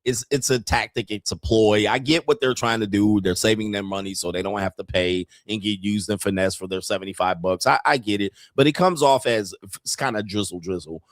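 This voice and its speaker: A man's voice: lowish voice, fairly quick, few pauses, no echo. A man hosting a casual commentary show, talking bluntly and profanely and laughing often between points. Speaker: commentary host.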